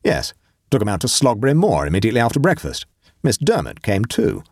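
Male reader playing a brisk young gentleman in a storybook, quick and clipped, husky. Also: fairly low pitch, wildly swooping pitch, no room sound, clean studio sound, heavily acted.

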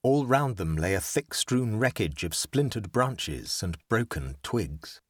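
Low-voiced man reading a story. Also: very animated, slow, husky, no echo, studio quality. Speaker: narrator. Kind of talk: scripted narration.

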